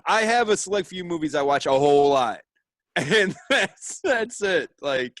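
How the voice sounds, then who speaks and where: Guy rambling on a podcast, lively up and down voice, stumbles and laughs a lot. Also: a little high, unhurried, no echo. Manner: rambling, stammering restarts, laughs often. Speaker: podcast co-host. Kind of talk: casual chat.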